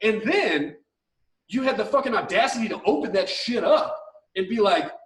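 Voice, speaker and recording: A man's voice: sits high, animated, normal speed, a bit bright, far from the mic. Profane man ranting in a roomy room. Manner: profane, heated ranting with mocking impressions. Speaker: podcast co-host. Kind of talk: ranting advice podcast.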